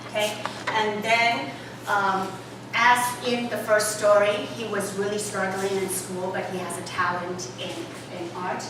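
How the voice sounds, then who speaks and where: A woman's voice: mid-range voice, measured pace. A woman lecturing at a storytelling workshop, talking with fillers and chatty asides. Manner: animated read-aloud voices, chatty asides with fillers. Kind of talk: lecture with read-aloud storytelling. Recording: echoey hall, voice from far off, audible room noise.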